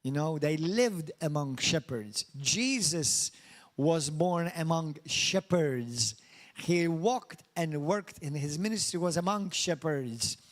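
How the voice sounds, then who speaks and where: Fervent higher-voiced male pastor preaching. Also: animated, slow pace. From Malta. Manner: fervent, repeats praise words, leads congregation in call-and-response. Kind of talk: sermon with prayer.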